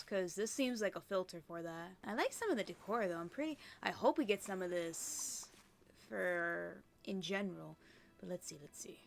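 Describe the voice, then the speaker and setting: A woman chatting her way through a video game, talking casually to her viewers. She often trails off into quiet murmurs and whispered asides to herself. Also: medium pitch. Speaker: let's play creator. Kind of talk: casual gameplay commentary.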